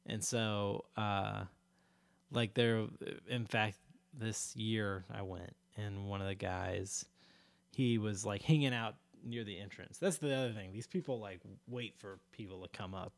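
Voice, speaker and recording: Low-voiced man telling a rambling story. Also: measured pace, creaky, no echo. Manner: rambling, many fillers and restarts, laughs often. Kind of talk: casual conversational storytelling.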